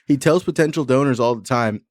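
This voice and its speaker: A man's voice: medium pitch, brisk, dry recording, studio quality. A man in casual podcast chat, joking, laughing and swearing freely.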